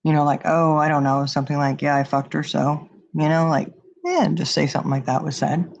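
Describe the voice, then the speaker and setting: Here a female streamer speaks a little fast in a low-pitched voice with lively intonation. She chats casually with her viewers, meandering through a hypothetical and leaning heavily on fillers, over dull lo-fi stream audio.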